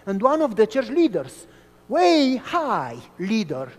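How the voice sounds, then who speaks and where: A man from Romania preaching a sermon as a pastor, telling stories in an animated way. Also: sits high, slow pace. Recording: long hall reverb.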